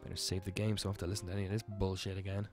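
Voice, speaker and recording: A man's voice: low voice, completely flat delivery, racing, a little mellow, faint music behind. A man with an Irish accent casually reading a dating sim aloud, joking and swearing between lines. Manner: sarcastic, swears, reads dialogue in mock voices. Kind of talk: casual let's play commentary.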